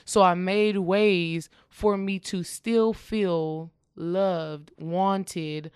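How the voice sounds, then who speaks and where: A woman's voice: lowish voice, drawn-out words, clear, resonant tone, dry recording, studio quality. A woman in casual conversation, earnestly sharing her own experience and coaching the listener, often checking in with "okay?". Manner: acts out quoted dialogue in lively voices.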